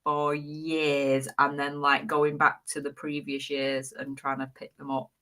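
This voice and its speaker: A woman's voice: low voice, completely flat delivery, measured pace, pushed and bright. A woman co-hosting a casual live-stream chat, reading viewer comments aloud and laughing easily. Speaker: co-host of a live reselling chat.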